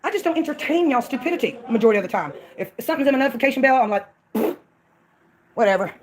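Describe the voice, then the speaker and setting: A woman's voice: sits high, animated, racing, background noise. A woman from Mississippi, ranting on her own channel in a combative, mocking way. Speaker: channel owner. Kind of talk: ranting call-out vlog.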